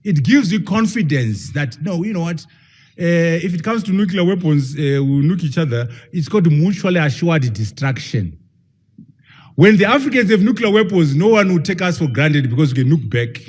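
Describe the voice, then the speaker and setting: A man's voice: fairly high pitch, sing-song, moderate pace, darkish tone, husky. A man, a professor, giving an emphatic public lecture and firing rhetorical questions at his audience.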